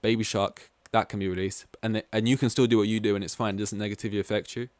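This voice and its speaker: Man from east london, casual solo podcast talk, rambling with lots of fillers, somewhat low voice, dry recording. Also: little pitch movement, racing, dry recording. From East London, England. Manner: rambling, goes off on tangents, heavy use of "like". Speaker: podcast host.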